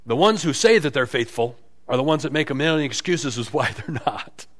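A man preaching a sermon as pastor, animated and emphatic, swinging between quiet stretches and loud peaks, acting out quotes with a sarcastic edge. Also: on the high side, fairly quick. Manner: acts out quotes with sarcastic inflection.

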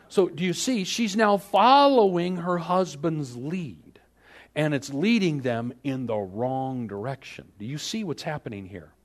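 A man preaching a sermon, asking the congregation rhetorical questions and swinging from hushed to loud. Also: on the high side, very animated, unhurried. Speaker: pastor.

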